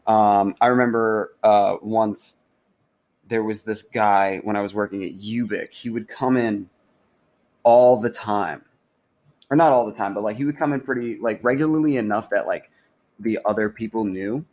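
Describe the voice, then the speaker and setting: A man's voice: on the low side, moderate pace, a little mellow. A young man co-hosting a podcast, laid-back and profane, agreeing with short replies and telling job stories. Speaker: podcast co-host. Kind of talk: casual chat.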